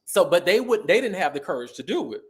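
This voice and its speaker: A middle-aged man tells a story with a sassy, animated flair. His voice sits a little high, and he acts out the people he quotes. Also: quick pace. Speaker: guest. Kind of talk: casual storytelling interview.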